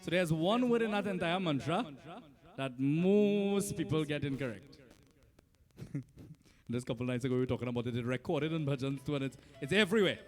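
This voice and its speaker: Trinidadian man, Hindu pundit, high voice, chatty sermon, faint music behind. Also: animated, a little fast. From Trinidad and Tobago. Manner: conversational teaching with frequent "right?" and laughs. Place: temple hall.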